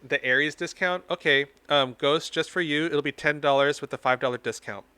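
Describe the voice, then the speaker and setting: A man's voice: fairly high pitch, fairly even intonation, a little fast, bright, forceful tone, clean tone. A man hosting a casual tarot reading live stream, playful and teasing with his viewers.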